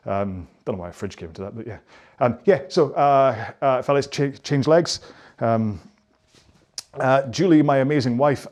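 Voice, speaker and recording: A middle-aged man talks viewers through stretches after a rowing session. He keeps it loose and chatty, pokes fun at himself and drifts into rambling asides. His voice sits at an ordinary middle pitch for a man. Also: darkish tone. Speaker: rowing coach. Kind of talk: follow-along workout instruction.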